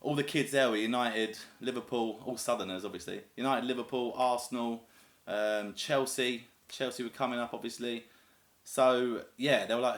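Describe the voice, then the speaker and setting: A man's voice: medium pitch, steady tone, normal speed, fairly bright tone. Chatty southern English guy in an echoey room. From North East England, raised in the south of England. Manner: chatty, rambling and enthusiastic, lots of fillers. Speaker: YouTuber. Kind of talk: casual chat to camera.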